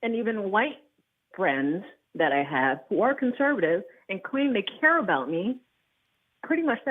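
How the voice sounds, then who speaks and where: A woman from Alabama calling in to a radio show, earnest and halting. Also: medium pitch, very animated. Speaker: caller. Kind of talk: call-in radio. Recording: phone line.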